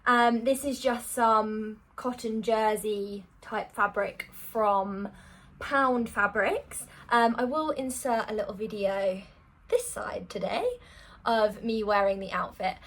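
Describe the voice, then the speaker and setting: A woman's voice: fairly high pitch, steady tone, slow pace, a bit bright. A woman chatting casually to camera about her sewing, a bit out of breath and rambling in a self-deprecating way. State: a little out of breath. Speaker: sewing vlogger.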